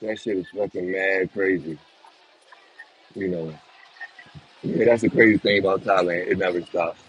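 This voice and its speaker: A man's voice: deep voice, steady tone, normal speed, slight background noise. A man live-streaming outdoors from his phone, chatting casually to his viewers in a rambling, profane way. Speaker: livestream vlogger. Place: outdoors in a city street. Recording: slightly dull lo-fi phone audio, faint street ambience.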